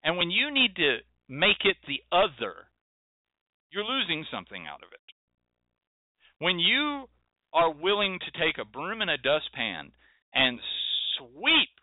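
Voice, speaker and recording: A man's voice: fairly high pitch, no echo. Emphatic man lecturing over a tinny line. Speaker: host. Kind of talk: lecture-style monologue. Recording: tinny phone-like sound, dry.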